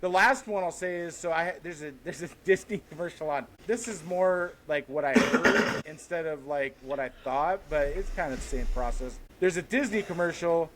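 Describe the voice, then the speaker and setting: A man's voice: on the high side, moderate pace, hardly any pauses, fairly bright tone. A man in his forties, a podcast co-host, rambling through casual, profane stories. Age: 40s. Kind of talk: casual chat.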